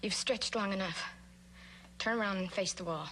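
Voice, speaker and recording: A woman's voice: medium pitch, moderate pace, pushed and bright, slight background noise, natural voice. An actress playing a tough young outlaw woman. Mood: curt. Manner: hard, curt, defiant. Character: tough young female outlaw holding a gun. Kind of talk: 1960s TV western acting.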